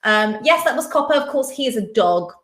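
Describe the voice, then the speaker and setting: A woman's voice: fairly high pitch, lively intonation, a little fast, a bit bright. A woman hosting a live-stream quiz, chatting casually and reading out viewers' names and answers. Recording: echoey room.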